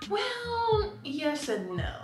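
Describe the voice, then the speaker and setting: A woman's voice: extremely high pitch, wildly swooping pitch, extremely slow, echoey room, music in the background. A talkative young woman from Hawaii, chatting casually with her husband on camera and laughing often. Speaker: vlogger answering couple questions. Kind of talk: casual chat.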